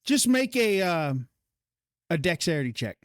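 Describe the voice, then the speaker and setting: A man runs a live-streamed tabletop game, narrating in a slow, drawn-out way. His voice sits a touch high and he talks casually with some swearing. The recording is dry and close. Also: sing-song, dry recording. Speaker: game master.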